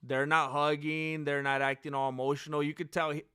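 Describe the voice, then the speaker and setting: A man commentating on a fight in a live reaction stream, excitable, breaking into sudden shouts and doing goofy impressions of the fighters. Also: a little high, brisk, clear, resonant tone, dry recording, studio quality. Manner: mimics fighters in goofy voices.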